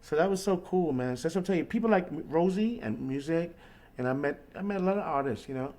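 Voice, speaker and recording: A man hosting a casual call, telling a rambling, animated story about life as a street musician and often asking "you know what I mean". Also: fairly high pitch, fast talker.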